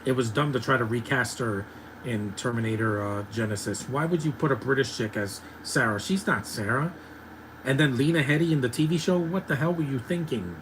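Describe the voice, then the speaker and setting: Male, 30s, mid-range voice, opinionated movie commentary host, loose and ranty, quiet hum in the background. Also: medium pitch, a little fast, poor audio. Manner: ranting, opinionated, laughs often. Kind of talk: live movie watch-along commentary.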